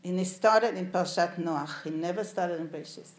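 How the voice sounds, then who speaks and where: A woman with a somewhat low voice tells stories about her father to a live audience. She turns to the listeners with questions as she goes. The room gives her voice a strong echo. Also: normal speed. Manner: storytelling, puts questions to the audience. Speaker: speaker recalling her father before an audience. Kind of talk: anecdotal talk to a live audience. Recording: echoey room.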